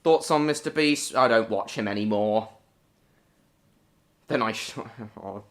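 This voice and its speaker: A man's voice: lowish voice, measured pace. A British man hosting a casual live stream, greeting viewers by name and answering chat comments in short, broken phrases.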